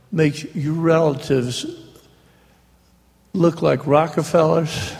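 A man's voice: a little high, creaky, a little mellow. A man telling funny stories as an author before a live audience, recorded in a hall. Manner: humorous anecdotal storyteller. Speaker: author speaking on a book tour. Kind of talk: live storytelling talk. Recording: long hall reverb.

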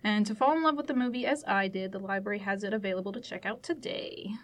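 A woman's voice: medium pitch, fast. Woman reviewing a film on a podcast. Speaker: podcast co-host. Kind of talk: casual chat, reading a review.

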